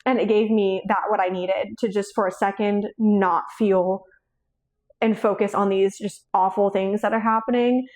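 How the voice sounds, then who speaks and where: A woman's voice: mid-range voice, fairly even intonation, normal speed, darkish tone. A young woman chatting casually about her books, rambling, swearing freely and laughing often, tearful and shaky. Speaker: book vlogger. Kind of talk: casual chat.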